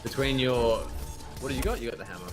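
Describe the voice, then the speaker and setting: A man streaming a video game, chatting casually and telling stories in an animated, swearing way. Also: medium pitch, quick pace. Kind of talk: casual gaming stream chat. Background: game music.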